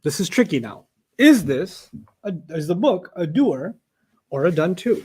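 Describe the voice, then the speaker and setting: Male teacher, casual and lively, acts out people's voices in his stories, slightly high-pitched. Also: normal speed, slightly rough. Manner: animated, acts out quoted voices, laughs often. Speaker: Arabic teacher. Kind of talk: casual classroom storytelling and teaching.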